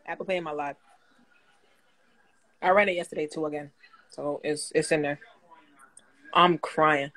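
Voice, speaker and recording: A man chatting casually on a livestream, slangy and animated, laughing a lot. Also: a little high, normal speed, long pauses.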